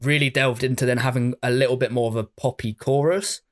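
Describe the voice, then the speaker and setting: Chatty English man, sweary and excited. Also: mid-range voice, fairly quick. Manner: enthusiastic, sweary, rambling with fillers. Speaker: podcast co-host. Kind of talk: casual chat.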